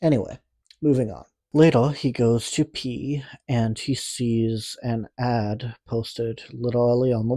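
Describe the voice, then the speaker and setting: With a fairly low, mellow voice and no room sound, a man from Canada reviews a horror movie. He has a speech impediment, and his recap rambles casually, dotted with sarcastic, swearing asides.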